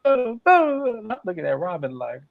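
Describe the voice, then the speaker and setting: A man's voice: mid-range voice, animated, normal speed, dry recording. A man reviewing a reality show, ranting bluntly with heavy profanity in a casual recap. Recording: dull lo-fi sound.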